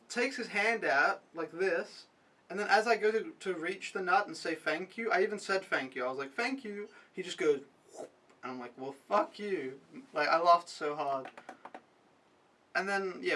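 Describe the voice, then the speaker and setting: Young man, casual vlog, rambling and blunt, bright tone, a bit off-mic. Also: a little high, distant mic, rough recording. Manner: frank, rambling, swears freely. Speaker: au pair vlogger.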